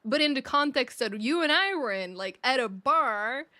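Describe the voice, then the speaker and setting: A woman's voice: high-pitched, animated, moderate pace, bright, forceful tone. A woman from Norway chatting casually with friends while streaming a game, laughing often. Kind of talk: casual chat while gaming.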